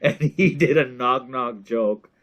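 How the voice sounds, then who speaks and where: A man on a comedy podcast telling a story in a relaxed way and laughing as he goes. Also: mid-range voice, slow. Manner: laid-back, laughs while telling a story.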